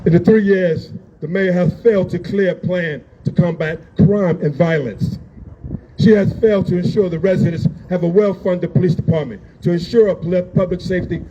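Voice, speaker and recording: An emotional man delivers a blunt, repetitive rally speech outdoors. His voice is dark and heavy, a little higher than usual for a man. The recording is dull, with faint background hiss. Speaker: rally speaker. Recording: dull lo-fi sound with faint noise.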